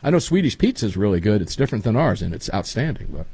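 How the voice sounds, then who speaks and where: A man's voice: on the low side, fast talker, creaky, husky, dry recording. A man hosting a casual talk show, telling folksy stories with lots of energy. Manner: folksy, animated storytelling. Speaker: show host.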